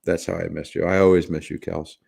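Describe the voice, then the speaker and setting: A man's voice: deep voice, flat delivery, a little fast, creaky, a little mellow, slightly rough. A man hosting a casual livestream chat, joking and laughing as he rambles with restarts. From Germany. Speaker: livestream host.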